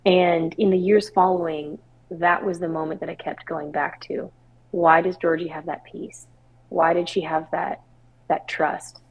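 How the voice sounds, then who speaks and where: Candid, expressive woman podcast guest. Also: on the low side, measured pace, dull audio. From Washington State, US. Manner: candid, expressive storytelling with laughs and quoted dialogue. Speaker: guest singer-songwriter. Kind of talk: podcast interview, personal story.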